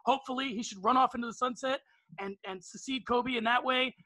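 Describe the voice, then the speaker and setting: A man's voice: very high-pitched, expressive, brisk, vocal fry, sharp tone, no room sound. A man on a podcast panel, brashly roasting a guest with punchy rhetorical questions before arguing his pick.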